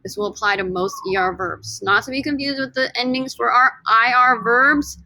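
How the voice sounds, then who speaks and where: A woman's voice: fairly high pitch, normal speed, pushed and bright, dry recording, low-quality recording. A woman teaching a recorded Spanish grammar lesson, explaining step by step and drilling words for students to repeat.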